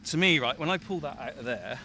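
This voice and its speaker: Out in a farm field, a farmer featured on the radio talks while digging, chatty and often laughing as he puffs from the work. He speaks quickly in a slightly high, expressive voice with a sharp tone, over slight background noise.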